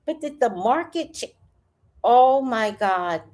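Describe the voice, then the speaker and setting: A woman's voice: on the high side, lively intonation, takes it slowly, a little mellow. A woman chatting casually on a livestream, reading out comments with rambling, profane asides and jokes. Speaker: vlogger.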